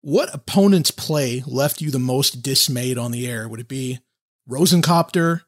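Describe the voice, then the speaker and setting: A man hosting a sports podcast, asking questions in a measured, conversational way. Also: mid-range voice, dry recording, studio quality. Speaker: podcast host. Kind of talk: podcast interview.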